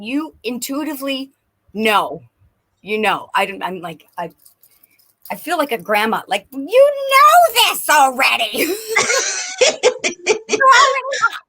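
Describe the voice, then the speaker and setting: An effusive woman gives a psychic reading on a live stream. Her voice is bright and high, and it leaps around her range with excitement. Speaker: psychic reader.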